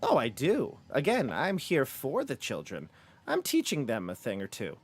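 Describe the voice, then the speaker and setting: A man's voice: medium pitch, huge pitch swings, normal speed. A man voicing a scheming old hag woman who talks in a coaxing, conspiratorial way.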